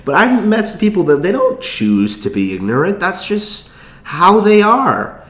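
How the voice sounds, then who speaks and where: A man's voice: high voice, wildly swooping pitch, a bit bright. Young man rambling in an echoey room. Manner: rambling, profane, quick asides and restarts. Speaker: vlogger. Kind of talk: casual storytelling monologue.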